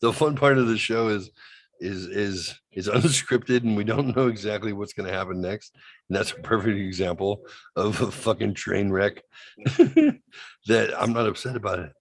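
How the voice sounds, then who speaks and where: A man's voice: fairly low pitch, moderate pace, no room sound. A man co-hosting a casual comedy chat show, telling a rambling story, acting out what people said and laughing often. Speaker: co-host.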